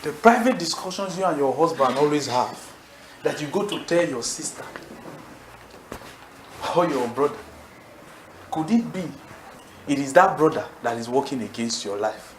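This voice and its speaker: Man, preacher, sermon, high voice, animated call-and-response delivery, echoey church hall. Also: normal speed, long pauses, slight background noise. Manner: animated, calls for congregation responses.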